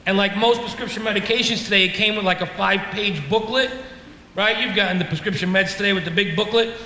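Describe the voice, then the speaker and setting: This middle-aged man's voice sits high and moves fast, bright and forceful, with a little hiss or hum. He's doing stand-up on a comedy club stage, ranting in an exasperated, self-mocking way while the audience laughs. The echoey club room adds reverb.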